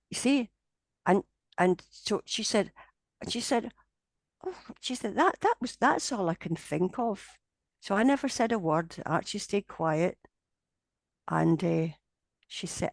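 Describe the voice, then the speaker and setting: Woman telling a story, low-pitched. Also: no room sound. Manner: animated storyteller, voicing the people in her tale. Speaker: interviewee, paranormal investigator. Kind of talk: storytelling in an interview.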